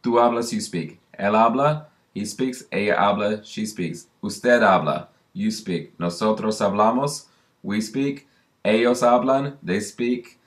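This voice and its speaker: Guy teaching, lowish voice, patient, says the drill words slow and over again. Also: expressive. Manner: patient, repeats drill words slowly for learners. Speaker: Spanish teacher. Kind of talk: recorded classroom lesson narration.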